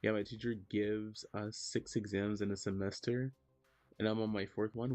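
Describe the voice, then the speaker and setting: A man's voice: level tone, normal speed, a little mellow, no room sound, faint music behind. Laid-back young man streamer chatting. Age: young adult. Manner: laid-back slangy talk, jumps high when teasing chat. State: low energy. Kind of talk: casual livestream chat reading messages.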